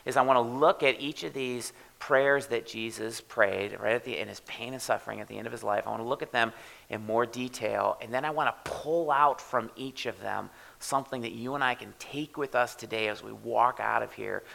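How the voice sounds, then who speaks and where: A man pastor preaching a sermon in church, talking in a loose, conversational way that drops to hushed, soft stretches. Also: medium pitch, fairly even intonation, moderate pace, vocal fry, poor audio.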